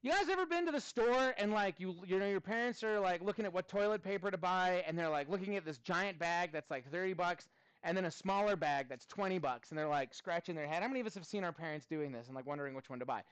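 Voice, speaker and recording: A man in his thirties teaching a math class, chatting with students in a playful, animated way. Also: high-pitched, quick pace, clean tone, no room sound. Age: 30s. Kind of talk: classroom lesson.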